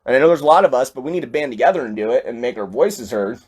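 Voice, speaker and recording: A man giving a heated, profane political rant, with sudden loud outbursts. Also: mid-range voice, lively intonation, rapid-fire, husky. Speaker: online ranter.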